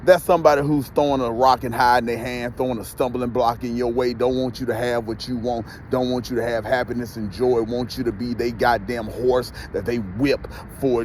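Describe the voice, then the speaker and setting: A man's voice: medium pitch, steady tone, normal speed, hardly any pauses, a little mellow, slight background noise. A man ranting heatedly to his viewers in a profane, repetitive vlog monologue. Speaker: vlogger.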